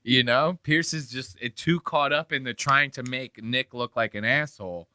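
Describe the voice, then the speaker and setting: Male podcast host, bright dry voice, loose and profane, rambling commentary. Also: medium pitch, normal speed, clean tone, no room sound. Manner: profane, rambling, laughing asides. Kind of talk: casual chat reacting to clips.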